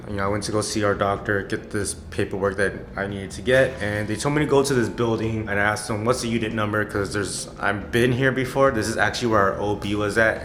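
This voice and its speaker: A young man vlogging from his car and a clinic, talking earnestly to camera and softly to his baby. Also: on the low side, slight background noise. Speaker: father vlogging his baby's doctor visit. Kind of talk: casual vlog talk to camera. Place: parked car, then a clinic. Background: music.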